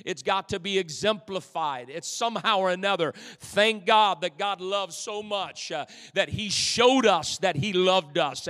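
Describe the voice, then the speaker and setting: High, slow-preaching man in a reverberant church. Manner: swings from hushed, drawn-out phrases to loud preaching; fills pauses with "uh". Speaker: pastor. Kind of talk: sermon. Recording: long hall reverb.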